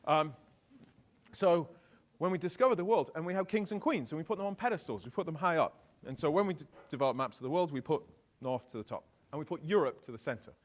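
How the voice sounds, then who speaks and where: A middle-aged man with a British accent giving a lively conference keynote, often putting questions to the audience. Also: fairly high pitch, fast. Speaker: keynote speaker.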